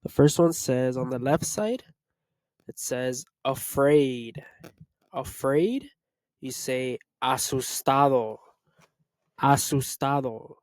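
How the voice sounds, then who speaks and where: A man teaching Spanish, reading a vocabulary list and repeating each word slowly to drill it. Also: mid-range voice, no echo. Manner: slow, repetitive word-by-word drilling. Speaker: Spanish tutor. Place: Los Angeles area.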